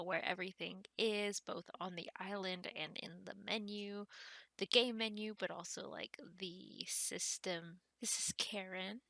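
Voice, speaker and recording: A woman narrates her game casually, rambling and thinking aloud as she plays. Her voice is bright and forward, with a strong gravelly fry. The recording is close and dry, with no room sound. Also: mid-range voice, no room sound. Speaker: gaming channel host. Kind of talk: casual let's-play commentary.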